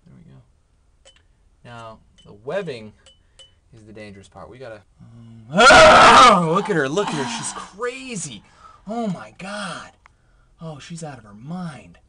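A man chatting excitedly in a casual home vlog, sometimes hushed and whispering, sometimes jumpy and startled. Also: mid-range voice, a little slow, pauses often, a little hiss or hum. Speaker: vlogger.

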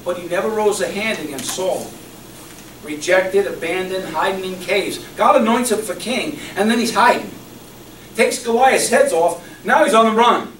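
A man preaching with passion, his voice sitting a little high for a man. He swings from loud emphatic lines to hushed repeated ones. The recording is roomy and distant, with clear background noise. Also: moderate pace. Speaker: pastor. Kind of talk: sermon. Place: church hall. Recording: echoey room recorded from far off with background noise.

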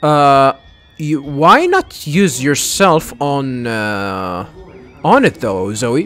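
Let's play host: slow, joking commentary, wildly swinging pitch. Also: big pitch swings, fairly bright tone, faint music behind. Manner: joking, muttering asides. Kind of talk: casual gameplay commentary.

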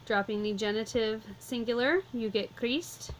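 Woman teacher, slightly high pitch, patient step-by-step delivery, light background hiss. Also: normal speed, hardly any pauses, low-quality recording. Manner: calm, methodical, step-by-step explaining. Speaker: Latin teacher. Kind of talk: vocabulary lesson walkthrough.

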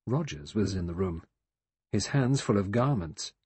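A man narrating a mystery audiobook in a measured, grave storytelling manner, with a husky voice. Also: fairly low pitch, expressive, darkish tone, no echo. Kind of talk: scripted narration.

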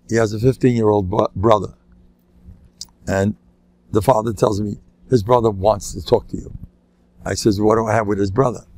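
Older rabbi with a gravelly voice. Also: male voice, mid-range voice, dry recording. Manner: animated storyteller who acts out voices and laughs at his own jokes. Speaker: rabbi giving a talk. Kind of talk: anecdotal lecture.

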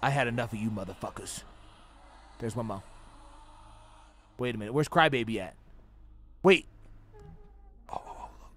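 A young man doing loud, profane let's-play commentary on a horror game, screaming at jump scares. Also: mid-range voice, lively intonation, normal speed, pauses often, slight background noise. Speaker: gaming streamer.

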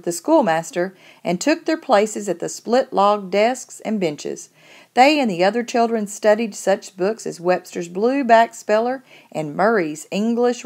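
A woman narrating a children's biography in a measured, gentle storytelling manner. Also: mid-range voice. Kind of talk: storybook read-aloud narration.

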